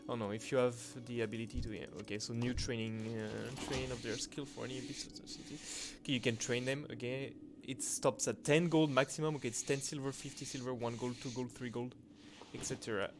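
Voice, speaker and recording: A man commenting on his gameplay, reading patch notes aloud in non-native English phrasing and breaking into excited exclamations. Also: mid-range voice, brisk, hardly any pauses. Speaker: channel host. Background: background music.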